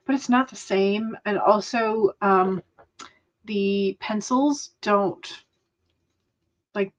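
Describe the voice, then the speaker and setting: A young woman hosting a writing livestream, chatting casually with many fillers and small laughs. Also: medium pitch. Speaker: writing sprint livestream host. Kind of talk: casual chat to live viewers. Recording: dull lo-fi sound.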